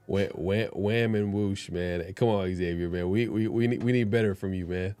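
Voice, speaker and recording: A man's voice: fairly low pitch, expressive, unhurried, a little mellow, soft background music. A man co-hosting a casual sports talk show, laid-back and repeating himself often. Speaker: co-host.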